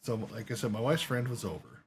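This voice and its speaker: A man's voice: mid-range voice, sing-song, fast talker, vocal fry, a little hiss or hum. A man telling a long story while playing a game, rambling along with lots of swearing and quoted voices. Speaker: gaming streamer.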